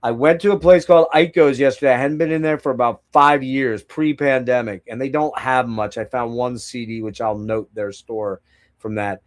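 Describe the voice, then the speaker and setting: This is a middle-aged man hosting a casual live stream in a voice of ordinary pitch. He rambles from one thing to the next, swears without thinking about it, and talks straight to his viewers. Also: fairly even intonation, normal speed. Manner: rambling, profane, chatting to viewers. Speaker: collector streaming a haul show.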